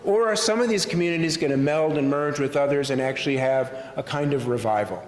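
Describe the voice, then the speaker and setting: A male rabbi speaking to a congregation in a synagogue sanctuary. He tells stories thoughtfully, with frequent pauses. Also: fairly high pitch. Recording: echoey hall with faint room noise.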